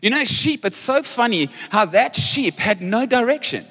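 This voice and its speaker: A man preaching a sermon as pastor, animated and joking as he tells a story. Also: very high voice, moderate pace, husky. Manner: energetic, animated storytelling with jokes. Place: large church hall. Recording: live church hall reverb with music.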